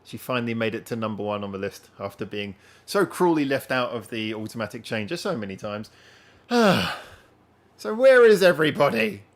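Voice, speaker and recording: A man's voice: fairly low pitch, expressive, fast talker, hardly any pauses. Chatty man hosting a live stream. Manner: rambling, chatty, addresses viewers directly. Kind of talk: casual live-stream chat. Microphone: wearing headphones.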